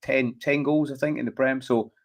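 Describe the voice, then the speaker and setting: A Scottish man with a mid-range voice hosts a laid-back football chat. He talks in a lively, animated way, often checking in with his co-host. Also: medium pitch, moderate pace. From Scotland. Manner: animated, repeats "do you know what I mean". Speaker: podcast host. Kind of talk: casual chat.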